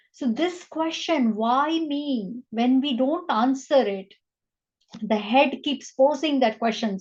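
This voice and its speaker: A woman teaching a spiritual meditation class, speaking in a measured way and posing rhetorical questions to her listeners. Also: high voice, a little mellow, dull audio.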